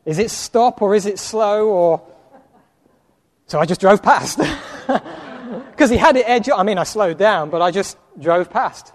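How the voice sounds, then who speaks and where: A man with a high, light voice tells a personal story from the pulpit, acting out the other voices as he goes. His words ring out in a large hall with a long reverb tail. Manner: animated anecdote with acted quotes and laughter. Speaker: preacher. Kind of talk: storytelling sermon.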